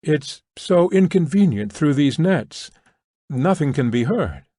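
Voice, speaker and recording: Brief: male reader as a tearful, stammering nobleman, raised voice, slow pleading delivery. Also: on the high side, animated, dark tone, dry recording, studio quality, pitched above the performer's own voice. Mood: strained calm. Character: remorseful young nobleman, halting and tearful.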